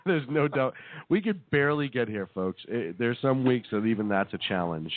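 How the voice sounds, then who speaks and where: A man's voice: medium pitch, lively intonation, a little slow, no room sound. A man co-hosting a talk radio show, chatting casually, joking and laughing often between hesitant restarts. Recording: tinny phone-like sound, dry.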